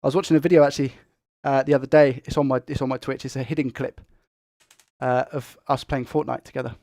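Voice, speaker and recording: A young man who talks fast and excitably while hosting a tech live stream and reading viewer comments. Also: medium pitch, dry recording, studio quality. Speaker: tech livestream host.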